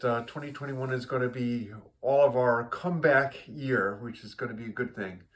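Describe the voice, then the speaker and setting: An easygoing man tells a long shaggy-dog joke at an unhurried pace. His delivery is loose and rambling, with plenty of fillers and restarts. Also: mid-range voice, a bit bright. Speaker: joke teller. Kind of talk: told joke, casual storytelling.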